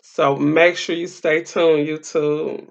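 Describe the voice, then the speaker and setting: A woman hosts her own live-stream talk show and speaks to her viewers in a loose, rambling way, full of "um"s. She talks slowly and unhurriedly. Her voice comes through dull, lo-fi stream audio. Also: low voice, little pitch movement, vocal fry. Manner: rambling, filler-heavy, talks straight to viewers. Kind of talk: casual live-stream chat.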